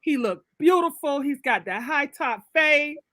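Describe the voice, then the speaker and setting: A woman's voice: high-pitched, lively intonation, measured pace, sharp tone, no echo. Emphatic preacherly woman storyteller. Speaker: author, guest. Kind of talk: casual livestream interview.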